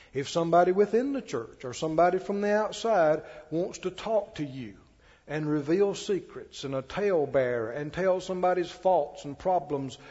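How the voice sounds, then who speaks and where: Folksy preacher in an echoey hall. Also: male voice, high voice, a little mellow. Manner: folksy, conversational preaching with asides. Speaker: pastor. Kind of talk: sermon. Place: church sanctuary. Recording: dull-toned, echoey church hall.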